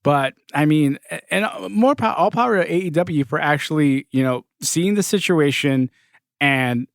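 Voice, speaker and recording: A man's voice: fairly high pitch, moderate pace, gravelly, no room sound, studio quality. A man hosting a casual podcast, talking in an opinionated, conversational way and laughing often. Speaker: podcast host.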